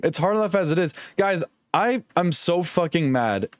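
Young male streamer, casual rambling gamer chat, jokey and sweary, a bit high, very animated. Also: moderate pace, dry recording.

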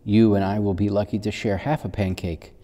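A man's voice: lowish voice, little pitch movement, a little fast, dark tone, long reverb tail, lightly acted. A man voicing a fretting, sighing mother. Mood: fretful. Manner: sighing, exasperated. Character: busy mother, warm but worried.

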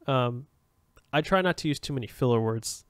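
A man's voice: medium pitch, animated, moderate pace, a bit bright, clean tone, no room sound, clean studio sound. A man hosting a solo podcast, rambling and self-aware, with frequent restarts and fillers. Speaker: podcast host.

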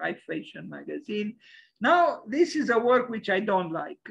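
A man's voice: sits high, vocal fry, fairly bright tone, dull audio. A man giving an opinionated lecture over slides, hesitant and full of fillers.

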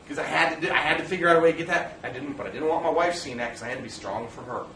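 A man speaks earnestly to fathers in a roomy space, his slightly high voice carrying some echo. He talks plainly and directly, weaving in personal stories. He stands back from the mic, and a faint background hiss sits under him. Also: racing, pushed and bright, recorded from a distance. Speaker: parent speaker addressing fathers. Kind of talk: informal talk to an audience.

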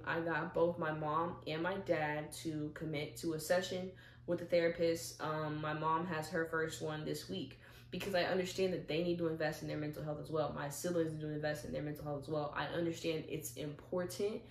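Young woman vlogger, lowish voice, animated storyteller, echoey room. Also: moderate pace, a little hiss or hum. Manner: animated storyteller, acts out little dialogues. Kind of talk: casual talk to camera. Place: at home, seated in a chair.

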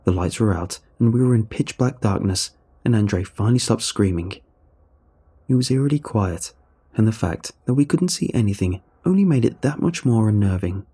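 Husky low-voiced male horror narrator. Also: lively intonation, moderate pace, mellow.

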